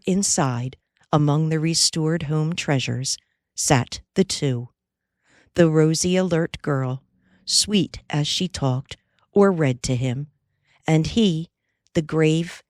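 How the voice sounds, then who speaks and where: A woman narrating a classic novel in a low voice with measured, unhurried storytelling. Her pace is slow and steady. The sound is dry and close, with no room around it. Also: dry recording. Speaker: audiobook narrator. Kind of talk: scripted audiobook narration.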